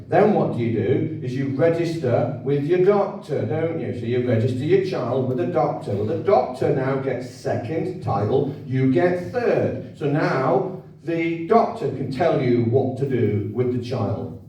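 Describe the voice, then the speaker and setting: A man's voice: a little high, mellow, distant mic. Man lecturing in an echoey hall. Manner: conversational, repetitive, asks the audience for agreement. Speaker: speaker at a public event. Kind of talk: informal lecture to an audience.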